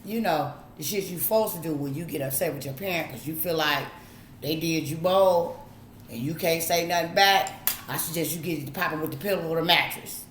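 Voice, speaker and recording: There's reverb and a touch of hiss or hum as a deep-voiced, middle-aged woman talks a little fast in a casual vlogging monologue. Drawling and swearing freely, she lectures her viewers head-on with preachy, blunt advice.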